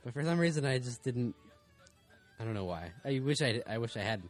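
Young male college radio host, mid pitch, playful and halting banter, faint music under. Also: animated. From United States. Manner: playful, teasing, halting with many fillers.

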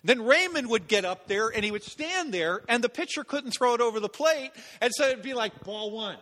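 A male pastor preaches with a high, bright, ringing voice. He tells a story with lively, animated delivery, now and then acting out the people in it. His voice carries a long reverb, as in a large sanctuary. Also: fairly quick. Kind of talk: sermon with personal story.

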